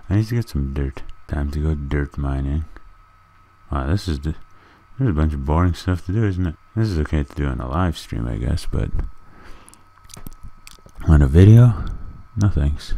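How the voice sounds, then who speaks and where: A man's voice: rumbling low, measured pace, darkish tone. A man giving goofy, rambling commentary while playing a video game, chatting to the animals in it. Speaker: gaming video creator. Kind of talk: casual gameplay commentary.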